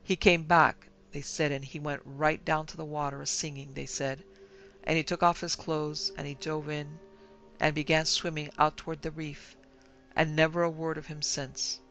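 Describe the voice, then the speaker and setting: A man voicing a fearful older shopkeeper, telling rumors in a hushed, rambling way in a storybook reading. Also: on the high side. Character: fearful older male small-town shopkeeper.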